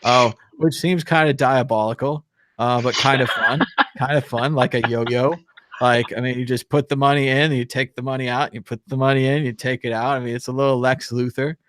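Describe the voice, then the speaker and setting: A man's voice: mid-range voice, a bit bright, dry recording. Male host joking and rambling on a live call-in show, dry mic, no room sound. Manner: joking, rambling, laughs often. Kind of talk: casual live show chat.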